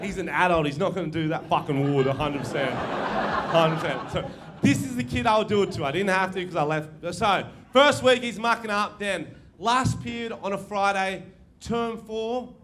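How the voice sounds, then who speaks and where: Brash high-voiced Australian comedian. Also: male voice, animated, a bit bright, slight background noise. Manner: brash, crude, storytelling with quick asides. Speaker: stand-up comedian. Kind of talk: live stand-up routine. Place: comedy venue stage.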